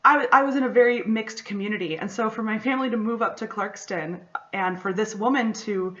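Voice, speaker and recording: A woman's voice: medium pitch, fairly quick, a bit bright, highs cut off. A woman, hosting a casual solo podcast and telling a story in a chatty way with lots of "like" and "you know". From Michigan, USA. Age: 20s. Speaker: podcast host.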